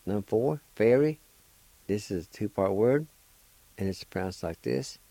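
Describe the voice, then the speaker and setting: A man hosting a radio language lesson, spelling out words letter by letter and repeating each pronunciation slowly and deliberately. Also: fairly low pitch, expressive, gravelly, warm tone, dry recording, rough recording. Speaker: radio host teaching vocabulary.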